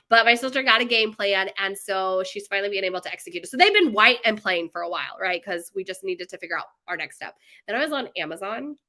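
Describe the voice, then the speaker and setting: A young woman talking to camera in a loose, chatty way, tossing in "like" and "right?" as she goes. Her voice is bright, and she often laughs at her own stories. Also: medium pitch. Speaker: bakery co-owner vlogger. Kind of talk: casual chatty vlog.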